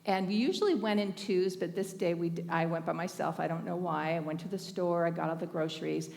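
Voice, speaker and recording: A woman's voice: on the low side, a little fast, vocal fry, a little mellow, in a large hall. A woman from Northern California giving a storytelling sermon at a thanksgiving service, conversational and often laughing. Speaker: speaker at a spiritual thanksgiving service.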